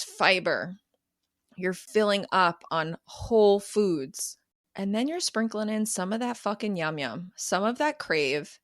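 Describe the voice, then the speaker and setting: A woman's voice: mid-range voice, no room sound, studio quality. A woman in her thirties hosting a solo podcast as a coach, talking candidly and emphatically with casual swearing. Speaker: podcast host and cravings coach.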